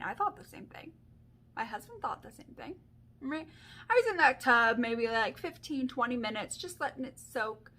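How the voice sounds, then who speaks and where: Bright, high-voiced chatty woman vlogger. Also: normal speed. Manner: animated, chatty storytelling with lots of fillers. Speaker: beauty vlogger. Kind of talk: casual storytime chat.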